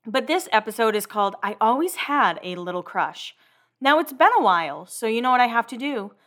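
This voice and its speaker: A woman's voice: fairly high pitch, sing-song, brisk, fairly bright tone. A woman hosting a casual recap of TV episodes, chatty and full of "like" fillers.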